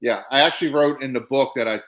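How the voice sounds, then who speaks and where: A middle-aged man co-hosting a casual podcast, telling stories with lively acted-out quotes. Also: medium pitch, quick pace, poor audio. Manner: animated storyteller, acts out quotes. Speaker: podcast co-host, former wrestler. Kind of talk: casual chat and storytelling.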